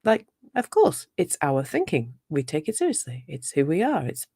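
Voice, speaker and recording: Woman, gravelly voice, dry close sound, chatty live talk, playful asides. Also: deep voice, wildly swooping pitch, normal speed, mellow, no echo. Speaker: self-compassion teacher.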